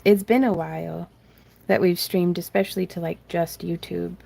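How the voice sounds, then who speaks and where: A woman with a low, mellow, slightly gravelly voice hosts a live crafting stream from her home craft room. She chats in a loose, rambling way, pokes fun at herself and reads out viewer comments as she works. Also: steady tone, moderate pace. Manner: rambling and self-deprecating, laughs often, reads chat aloud. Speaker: craft tutorial host.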